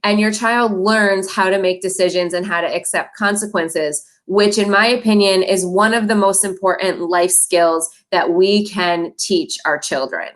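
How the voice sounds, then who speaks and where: Middle-aged lady teaching parents, friendly encouraging tone, chuckles now and then, mid pitch. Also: fairly even intonation, measured pace, few pauses. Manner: friendly, encouraging, with light laughs. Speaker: parent trainer. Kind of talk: recorded training presentation.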